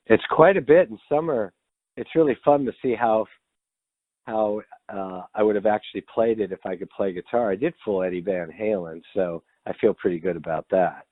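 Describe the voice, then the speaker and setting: A low-pitched man talks as a composer guest in a casual interview, candid and animated, with salty language now and then. His voice comes through a tinny, phone-like line. The sound is dry, with no room echo. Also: normal speed. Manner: animated, candid, swears freely.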